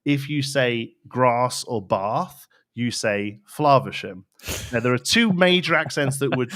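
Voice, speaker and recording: A man with a Midlands English accent talks in a loose, rambling way, circling back with fillers and restarts as he explains. His voice sits at an ordinary middle pitch. The recording is close and dry, with no room sound. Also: a bit bright, no room sound. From England. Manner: chatty, explains at length with many restarts and fillers. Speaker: podcast co-host. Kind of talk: casual chat.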